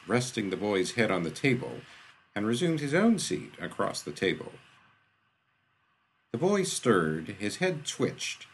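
A man narrating a fantasy story in an expressive storytelling manner. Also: lowish voice, gravelly, husky. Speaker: audiobook narrator. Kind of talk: scripted fiction narration.

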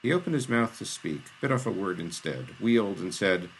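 A man narrating a fantasy story in a measured, dramatic reading. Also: fairly low pitch, lively intonation, creaky, a bit bright, slight background noise, rough recording. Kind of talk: audiobook narration.

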